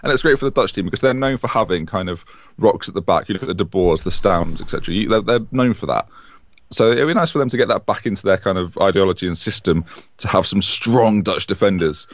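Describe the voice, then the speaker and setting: A man's voice: deep voice, fast, no echo. A man co-hosting a podcast, chatting casually and jokily about football. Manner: animated, jokey, rambling. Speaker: podcast co-host.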